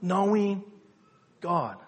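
A man's voice: big pitch swings, very slow, husky. Man preaching in a reverberant hall. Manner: rhetorical questions, repeats phrases for emphasis; swings between quiet, low passages and loud, emphatic peaks. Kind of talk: sermon. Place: church hall.

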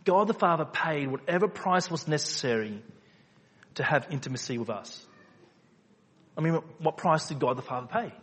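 A man preaching a sermon, asking rhetorical questions and repeating phrases for emphasis, moving between quiet low stretches and loud emphatic peaks. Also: expressive, normal speed, pauses often, husky. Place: church hall. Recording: reverberant hall.

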